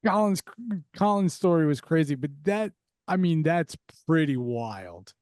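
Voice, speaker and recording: A man's voice: on the high side, animated, unhurried, a little mellow, no room sound. Podcast co-host guy, amused, dry close sound. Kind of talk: casual chat.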